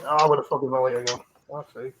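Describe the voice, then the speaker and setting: A man's voice: medium pitch, flat delivery, fast talker, very noisy. A Scottish man reading the news on a live stream in a blunt style, swearing freely. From Scotland. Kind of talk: casual chat.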